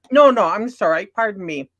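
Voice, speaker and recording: A woman hosting a casual livestream panel, chatty and quick to laugh. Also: medium pitch, expressive, highs cut off. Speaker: livestream host.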